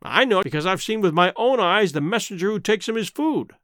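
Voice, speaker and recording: A man's voice: high voice, lively intonation, brisk, a bit bright, no echo, studio quality. A man voicing a spiteful, pompous old busybody squire who blusters with indignation, reading a storybook. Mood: confiding.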